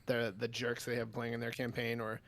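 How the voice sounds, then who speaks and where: A man with a gravelly, fry-tinged voice at an average pitch talks in a loose, rambling way. He laughs easily while he chats on a home podcast. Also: completely flat delivery, a little fast, fairly bright tone. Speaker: podcast co-host. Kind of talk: casual chat. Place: home room.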